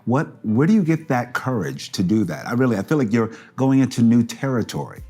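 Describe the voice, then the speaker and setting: A man's voice: mid-range voice, lively intonation, a little mellow, slightly rough. A man hosting a talk show, effusive and playful as he asks his guests questions. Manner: effusive, playful, quick to laugh. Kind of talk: casual interview chat.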